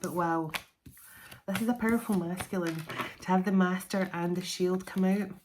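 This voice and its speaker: Low-voiced woman reading oracle cards. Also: steady tone, a little mellow, slight background noise. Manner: reads card keywords out as slow lists. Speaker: tarot and oracle card reader. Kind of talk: card reading for viewers.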